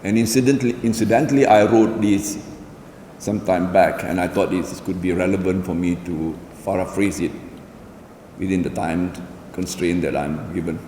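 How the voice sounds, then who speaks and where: A man delivers a formal public lecture at a measured, deliberate pace. His voice is mellow and dark. It rings out in an echoey hall with a long reverb, and faint ambience sits behind it. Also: low voice, steady tone, a little hiss or hum. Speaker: lecture speaker.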